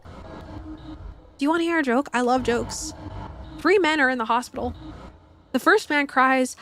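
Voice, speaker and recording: A high-pitched young woman talks through a game in loose, rambling commentary. She giggles, swears casually and lets out squeals. A faint hiss sits under the recording. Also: a little slow, long pauses, fairly bright tone. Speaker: streamer.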